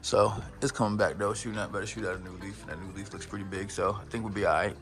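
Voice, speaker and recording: A man's voice: fairly low pitch, fairly even intonation, quick pace, fairly bright tone. A young man giving a casual, playful tour of his plant collection, full of slang and hype. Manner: playful, hyped, slangy, breaks into silly voices.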